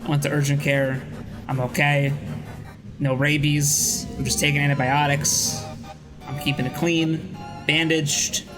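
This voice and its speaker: A man's voice: a little high, little pitch movement, a little slow, low-quality recording. A young man hosting a stream, chatting casually and telling a rambling story with restarts and swearing. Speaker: streamer host. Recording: music playing faintly behind.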